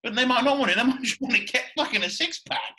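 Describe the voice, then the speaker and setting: A man hosting a casual podcast chat, excitable and swearing freely. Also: very high-pitched, fast talker, poor audio. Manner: excitable, swears a lot, repeats "you know what I mean". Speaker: podcast host.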